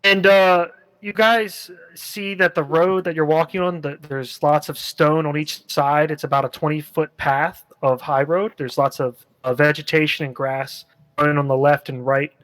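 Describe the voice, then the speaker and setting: A man narrating a tabletop game as game master, in a relaxed, rambling way with many fillers. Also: fairly high pitch, normal speed, no room sound, rough recording.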